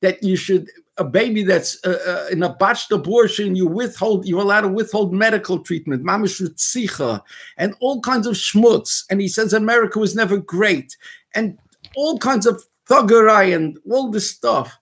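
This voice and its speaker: A man's voice: high voice, moderate pace, a bit bright, breathy edge. A man, a rabbi giving blunt, fiery video commentary full of Yiddish and Hebrew terms. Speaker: rabbi and activist host.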